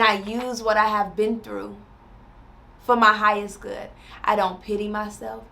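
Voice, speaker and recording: Bright-voiced woman reciting affirmations. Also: mid-range voice, little pitch movement, vocal fry. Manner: repeats each affirmation slowly, then chats casually to viewers; encouraging, addresses viewers as y'all. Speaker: spirituality vlogger. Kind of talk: reading and explaining affirmations.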